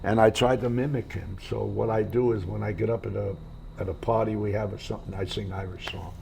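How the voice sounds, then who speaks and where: Older man, gravelly low voice, rambling. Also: fairly quick, a little hiss or hum. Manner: rambling, animated retelling with quoted voices. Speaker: actor guest. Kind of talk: casual interview storytelling. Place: hotel room.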